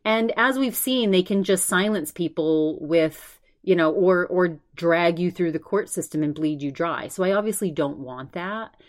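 A woman's voice: fairly low pitch, unhurried, hardly any pauses. A woman hosting a podcast, giving a rambling personal update with restarts and laughs, anxious and shaken. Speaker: podcast host.

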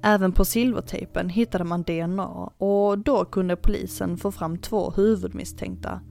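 A woman hosting a podcast, reading a true-crime narration in a calm, even manner. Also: mid-range voice, moderate pace, creaky, slight background noise. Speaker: podcast host.

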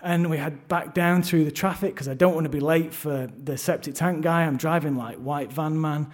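A man's voice: a little high, fairly even intonation, normal speed, darkish tone. Man, middle-aged, self-deprecating, live storytelling, theatre stage. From London, England. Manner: self-deprecating, wry, frequent restarts. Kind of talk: live first-person storytelling.

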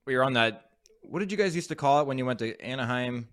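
A man and former pro hockey player telling an animated story in a casual podcast chat, laughing often and swearing freely. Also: mid-range voice, quick pace.

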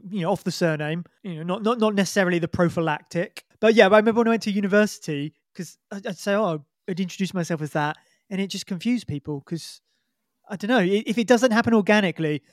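A man from the Isle of Wight, a podcast guest telling halting anecdotes. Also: high voice, no echo, clean studio sound. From Isle of Wight, England. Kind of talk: casual podcast chat.

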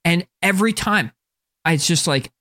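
Rambling podcast man, slightly high voice. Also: moderate pace, pushed and bright. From northern New Jersey. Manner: rambling, full of "like" and restarts, swearing. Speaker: podcast co-host. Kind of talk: casual chat.

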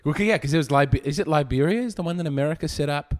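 A man's voice: fairly high pitch, racing. A man, hosting a comedy podcast and rambling playfully in casual chat. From Australia. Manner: rambling, jokey, daydreaming aloud.

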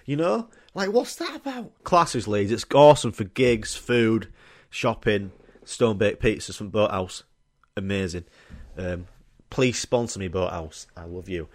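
A man's voice: on the low side, big pitch swings, unhurried. A young man, telling rambling, sweary, jokey stories on his own podcast. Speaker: podcast host. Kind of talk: casual solo podcast storytelling.

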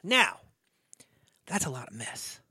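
A man's voice: medium pitch, huge pitch swings, takes it slowly, bright, forceful tone, slightly rough, no room sound, studio quality. A man casually retelling a movie plot, swearing often and acting out the characters' lines. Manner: profane, rambling, acts out characters' lines. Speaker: podcast co-host. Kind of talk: casual chat recapping a movie.

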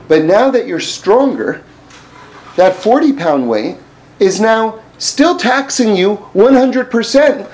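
A man giving an informal Torah class, animated and often laughing, repeating words as he thinks. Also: sits high, poor audio. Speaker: Torah teacher.

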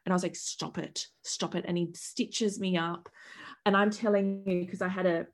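A woman in her thirties, a podcast guest, telling a vivid, expressive story in candid conversation, swearing freely and acting out the voices of others. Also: on the low side, normal speed.

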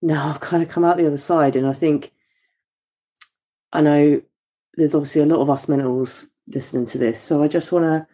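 A woman's voice: low voice, steady tone, fairly quick, mellow. A woman leaving a heartfelt, emotional voice message to a podcast, swearing now and then.

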